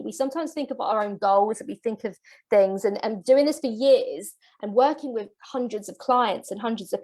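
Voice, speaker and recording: A woman's voice: a little high, darkish tone. Emotional woman business coach. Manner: emotional, earnest, motivational. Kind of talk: live masterclass presentation.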